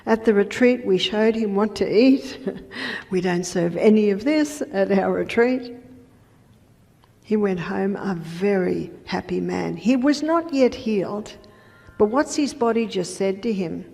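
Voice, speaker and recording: A woman health educator giving a lecture, telling patient stories in a conversational way with soft asides. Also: mid-range voice, measured pace, vocal fry. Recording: reverberant lecture hall.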